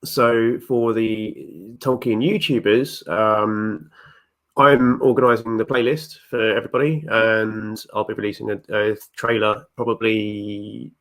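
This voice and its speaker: Chatty low-voiced man. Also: fairly even intonation, unhurried, a bit bright. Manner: chatty, restarts, chuckles often. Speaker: guest Tolkien YouTuber. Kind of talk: casual video-call discussion.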